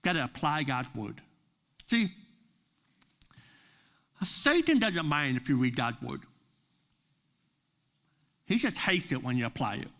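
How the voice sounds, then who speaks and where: A man preaching a sermon as pastor at a church service, earnest and building to forceful emphasis on key words. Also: mid-range voice, big pitch swings, slow pace, pauses often.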